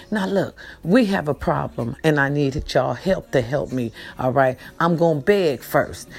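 A middle-aged woman vlogging in a casual, half-whispered voice, repeating herself and pleading with her viewers, calling them y'all. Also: low voice. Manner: half-whispering, soft-spoken. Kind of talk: casual morning vlog talk.

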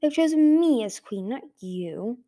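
A huge, scarred, vicious dragon queen hisses out slow threats, as a woman reading a storybook puts her on. The voice sits a little higher than the reader's own and keeps a mellow, soft-edged tone. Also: animated. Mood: menacing. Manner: hissing, slow and menacing. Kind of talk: amateur audiobook reading.

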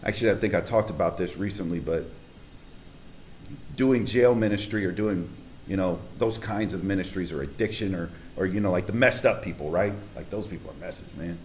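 A man's voice: sits low, a little fast, a little mellow, a little hiss or hum. A man preaching a casual, conversational sermon as a pastor, speaking emphatically and straight to his congregation in a church hall.

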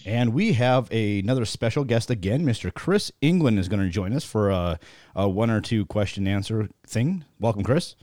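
A man's voice: fairly low pitch, expressive, normal speed, a little mellow, no room sound. Joking male podcast host, dry sound. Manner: loose and joking, with frequent "uh" fillers. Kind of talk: casual interview chat.

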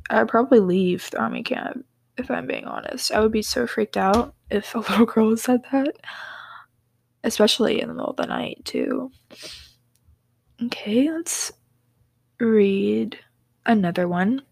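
Giggly young woman with gravelly creak. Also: on the high side, unhurried, pauses often. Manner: rambling, drifts into soft whispers; giggly, apologetic asides. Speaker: podcast host. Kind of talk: casual storytelling podcast.

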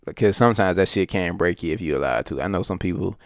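A man in a casual chat; relaxed, swears freely and says "like" often. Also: deep voice, fast talker, dry recording, clean studio sound.

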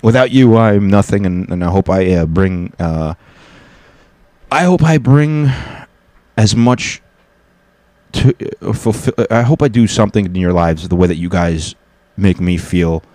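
Deep-voiced man, loose profane podcast chat. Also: a little slow, a little mellow, no echo. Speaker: podcast host and stand-up comic. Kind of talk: casual solo podcast chat. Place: home apartment.

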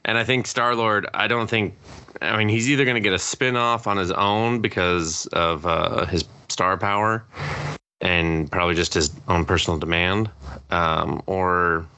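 A man's voice: low voice, fairly even intonation, a little slow, pushed and bright, clean tone. A man co-hosting a casual podcast chat, ranting sarcastically and profanely and mocking what he dislikes in put-on quotes. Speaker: podcast co-host.

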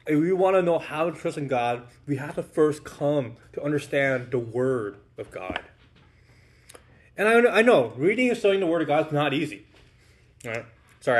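A man delivers a relaxed, informal sermon, his voice sitting slightly higher than most men's. He talks to the congregation like friends, with easy fillers and little "right?" checks. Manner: conversational, frequent "right?" checks. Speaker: pastor.

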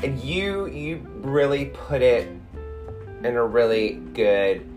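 Very low-voiced woman hosting a chat. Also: slow pace, faint music behind. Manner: laughs easily, animated. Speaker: podcast host. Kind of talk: casual chat.

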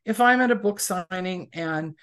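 Her voice sits on the low side, clear and resonant, at an ordinary pace. A US romance author and interview guest, she chats casually, spinning anecdotes and acting out whoever she's quoting.

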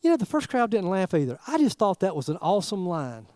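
A man preaching a sermon in a folksy, animated way, throwing rhetorical questions at the congregation. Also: high voice, fast, no room sound, studio quality. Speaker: pastor.

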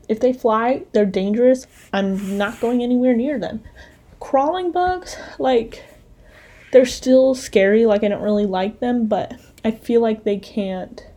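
A woman's voice: mid-range voice, dark tone. Chatty young woman rambling through a story. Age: young adult. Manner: rambling, chatty, lots of "like" and "anyways". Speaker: college student vlogger. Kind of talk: casual storytelling monologue. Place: dorm room.

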